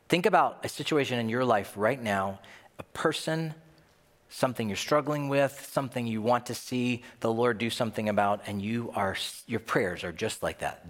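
A man preaching a sermon in a conversational, animated way, often acting out bits of dialogue. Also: medium pitch, normal speed. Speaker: pastor. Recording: long reverb of a large hall.

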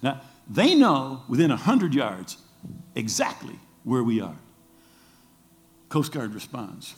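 A man's voice: slow, pauses often. A middle-aged man, a pastor preaching a sermon and telling a story, who acts out the voices he quotes. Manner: animated storytelling, acts out quoted voices with big pitch jumps.

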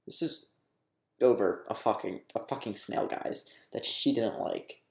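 A man's voice: on the low side, unhurried, creaky. Young man ranting in an echoey room. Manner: exasperated, sarcastic, swears freely. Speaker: commentary YouTuber. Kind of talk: casual commentary rant.

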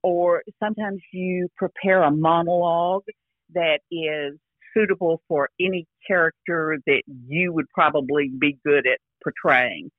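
An older actress chatting casually as an interview guest over a phone line, rambling with restarts and frequent "you know". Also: female voice, deep voice, fairly even intonation, measured pace, no room sound. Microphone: phone call.

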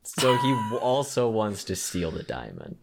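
A man's voice: on the low side, very animated, unhurried, vocal fry, noisy background. A man co-hosting a podcast in casual chat, talking in a rambling way full of fillers and restarts. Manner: rambling, many fillers and restarts, acts out quoted voices. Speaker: podcast co-host.

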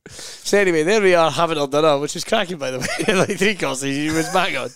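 A Scottish man spins comic stories in casual podcast chat, his voice sitting a touch high and jumping into quick impressions of other people. The sound is close and dry, with no room around it. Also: smooth, no echo. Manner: animated anecdotes with mimicked voices and laughter. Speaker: podcast co-host and comedian.

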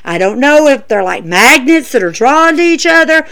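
A woman's voice: sits high, very animated, moderate pace, a bit bright. A woman giving an emphatic, chatty wrestling show review, talking straight to her viewers. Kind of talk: casual opinion vlog.

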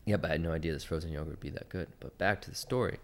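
A young man with a very low voice tells a story on a casual podcast. He talks in an animated way, acting out the other people's lines as he goes. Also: very fast, a little hiss or hum. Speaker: podcast co-host.

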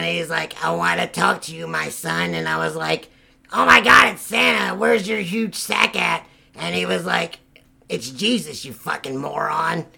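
A man's voice: high-pitched, creaky, bright, forceful tone. A man improvising a crude contestant character, rambling and boastful with constant swearing. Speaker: game show contestant. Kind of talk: crude improvised role-play.

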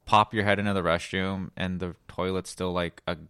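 Low-voiced Texan man telling a story. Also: little pitch movement, normal speed, fairly bright tone, clean tone, dry recording, clean studio sound. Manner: rambling storyteller, laughs often. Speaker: podcast co-host. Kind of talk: casual chat.

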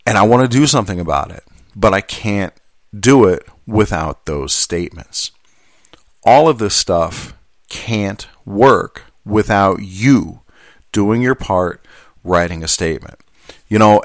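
A man's voice: low voice, dry recording, clean studio sound. A man who is a union steward, reading out a workplace statement and then talking it over in an earnest, conversational way. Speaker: union steward and mail carrier. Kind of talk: reading a statement aloud, then casual commentary.

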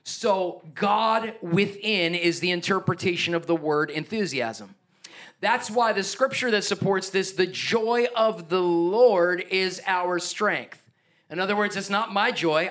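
This sermon comes from a pastor preaching with energy and emphasis, in a voice that sits rather high for a male speaker. His pace is measured, and he breaks into playful, chuckling asides.

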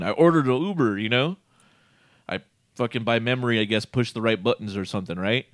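A man's voice: lowish voice, fast, dry recording, studio quality. A man casually telling a rambling, profane story, often breaking into laughter. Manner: profane, laughing, animated retelling.

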